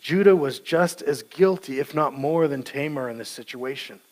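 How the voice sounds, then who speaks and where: A man's voice: medium pitch, moderate pace. A male pastor giving a conversational sermon, casual and joking and acting out scenes.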